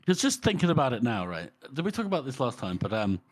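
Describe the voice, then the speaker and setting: A man's voice: mid-range voice, big pitch swings, fast talker, crowd noise. A man co-hosting a book podcast, thinking aloud and questioning in casual chat. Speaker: podcast co-host.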